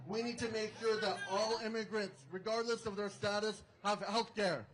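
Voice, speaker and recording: A man's voice: high voice, steady tone, moderate pace, few pauses, background noise. A man emceeing an outdoor protest rally, fervently rallying the crowd between speakers.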